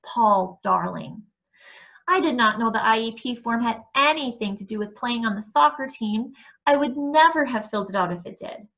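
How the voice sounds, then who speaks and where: A gentle middle-aged mother, read by a woman, speaks softly and pleads with affection. Her voice is bright and lifted a little high. The character comes from a storybook reading. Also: expressive, moderate pace. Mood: pleading.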